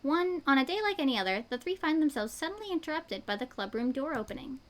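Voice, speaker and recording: A woman streamer reading a fan story aloud, giggly and lively, sometimes tripping over words. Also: high-pitched, quick pace. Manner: giggly, lively narration with stumbles. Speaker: streamer reading a visual novel.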